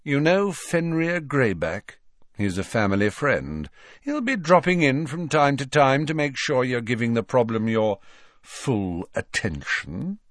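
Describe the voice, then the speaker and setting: A man's voice: medium pitch, sing-song, unhurried, no echo, clean studio sound, voice pushed up. A man reading an audiobook, voicing a sneering, arrogant teenage boy who talks with cold contempt. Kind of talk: audiobook character voice.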